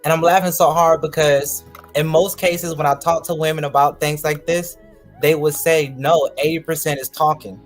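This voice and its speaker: A man's voice: on the high side, flat delivery, moderate pace, faint music behind. A man speaking as a talk show guest, laughing often and talking loosely with restarts. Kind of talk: casual panel discussion.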